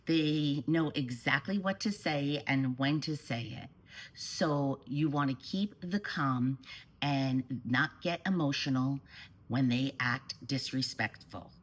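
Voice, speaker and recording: A woman parent coach giving calm, steady advice straight to the camera. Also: a bass voice, slow, rough recording.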